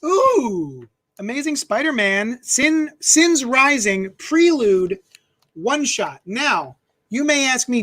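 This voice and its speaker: A man with a fairly high voice hosts a live comic unboxing, chatting animatedly and poking fun at himself. His desk microphone picks him up close and dry, with little room sound. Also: slow, no room sound. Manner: chatty, animated, self-mocking asides. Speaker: comic shop host.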